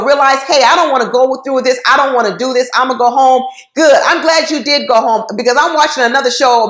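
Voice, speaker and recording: Blunt high-voiced woman in a roomy space. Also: fairly bright tone. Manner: blunt, talks straight to the cast members; informal, folksy phrasing. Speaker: reality TV reviewer. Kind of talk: casual opinionated commentary. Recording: roomy echo.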